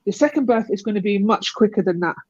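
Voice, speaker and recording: A woman's voice: mid-range voice, lively intonation, fast, no echo. A young woman on a live panel, casually telling a long personal story, rambling and laughing often as she acts out other people's lines. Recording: dull, lo-fi call audio.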